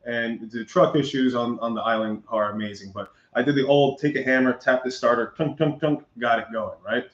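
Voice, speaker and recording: Animated man telling a story in an echoey room. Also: mid-range voice, a little fast. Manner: animated, acts out quoted dialogue, laughs often. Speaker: guest. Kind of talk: casual storytelling chat. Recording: muffled echoey room recording.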